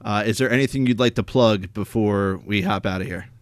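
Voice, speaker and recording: Smooth low-voiced man hosting a podcast. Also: fairly quick, no echo. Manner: polite, formal host phrasing. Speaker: podcast host. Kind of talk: casual podcast interview.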